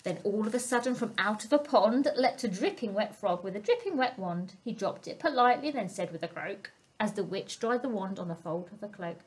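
A woman storyteller reading a picture book aloud to young children, expressive and asking them questions. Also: medium pitch, brisk, hardly any pauses. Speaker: family centre storyteller.

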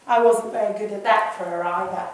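A woman preaching to a church, talking conversationally and softly acting out short prayers. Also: mid-range voice, fairly even intonation, a little fast. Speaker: guest speaker. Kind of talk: sermon. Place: church hall. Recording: echoey hall from far off.

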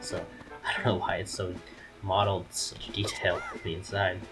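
A man's voice: deep voice, flat delivery, normal speed, over music, rough recording. A man casually commenting on a video game as he plays, joking and sarcastic. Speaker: let's play commentator.

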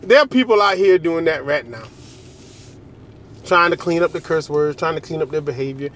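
A man's voice: on the high side, lively intonation, moderate pace, a bit bright, a little hiss or hum. A man, talking casually to his viewers in a loose, joking way, repeating himself and laughing often. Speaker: vlogger. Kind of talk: casual direct-to-camera monologue.

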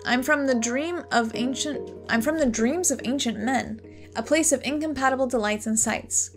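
A woman's voice: sits high, moderate pace, over music. A woman voicing a weary genie trapped in a lamp, in a dry, put-upon manner.

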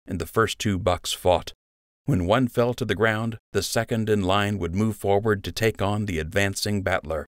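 A man narrating an audiobook in a steady, measured storytelling manner, read into a close microphone. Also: low voice, no room sound. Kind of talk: scripted narration.

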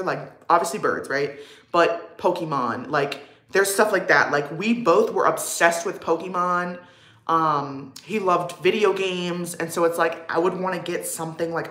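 A woman's voice: fairly low pitch, a bit bright. Chatty young woman in an echoey room. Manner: chatty and rambling, lots of "like", answers chat. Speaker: livestream vlogger. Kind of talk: casual get-ready-with-me livestream chat.

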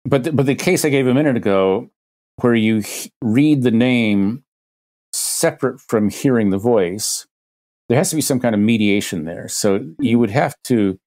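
A man's voice: mid-range voice, normal speed, darkish tone. A man, a guest expert on a podcast, explaining ideas through hypothetical examples, thinking aloud with frequent restarts.

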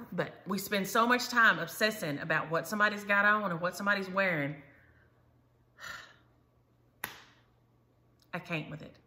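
Older woman, chatty storyteller, bright voice, casual chat. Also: medium pitch, unhurried, long pauses. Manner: chatty storyteller, says "y'all". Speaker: Flosstube host.

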